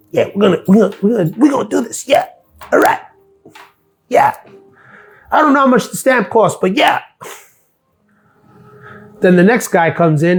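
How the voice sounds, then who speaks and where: Blunt, sarcastic man ranting. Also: sits high. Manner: blunt, sarcastic, swears freely. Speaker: live stream host, former mail carrier. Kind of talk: casual ranting live stream.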